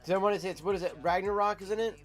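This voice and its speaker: A streamer with a fairly high voice tells a long, loose story straight to his chat. He talks casually and animatedly, with plenty of swearing. Faint music plays underneath. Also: very fast. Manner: rambling, profane, animated.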